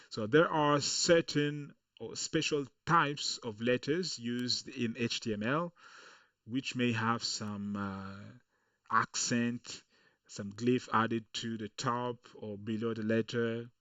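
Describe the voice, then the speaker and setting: A man's voice: medium pitch, a bit bright, dry recording, far from the mic, lo-fi sound. A man teaching a screen-recorded coding lesson, explaining patiently and checking in with "okay" along the way. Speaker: coding tutorial instructor.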